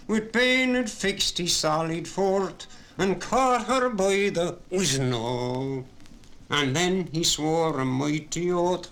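A man's voice: a little high, a bit bright. A man reading an audiobook, voicing an eager young boy who sings a mocking ballad. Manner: eager, sing-song.

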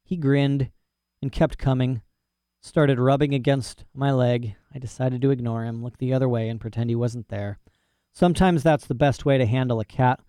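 A man's voice: medium pitch, steady tone, normal speed, dark tone, clean tone, no room sound. Folksy male storyteller, dry sound. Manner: folksy, boastful, rural dialect grammar. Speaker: audiobook narrator. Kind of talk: first-person storybook narration.

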